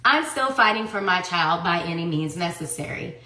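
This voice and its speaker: A woman's voice: lowish voice, lively intonation, normal speed, bright, forceful tone. A woman in her thirties telling her own story in a heated, profane monologue full of rhetorical questions. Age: 30s. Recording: roomy echo.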